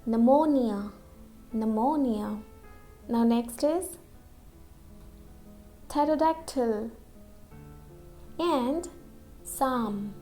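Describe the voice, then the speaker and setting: High-pitched woman teaching english pronunciation, slow and careful, says every word twice, soft music behind. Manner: repeats each word twice, frequent checking "okay?".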